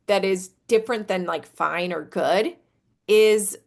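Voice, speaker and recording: A woman's voice: slow pace, gravelly. Middle-aged woman, live-stream host, casual, filler-heavy, playful. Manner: chatty, filler-heavy, jumps up high when demonstrating energy.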